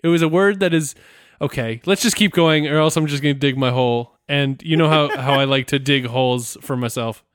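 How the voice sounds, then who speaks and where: A man's voice: mid-range voice, fairly quick, a bit bright, clean tone, no echo, studio quality. A married man co-hosting a casual podcast, rambling and self-deprecating and laughing often. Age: adult, married. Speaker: podcast co-host.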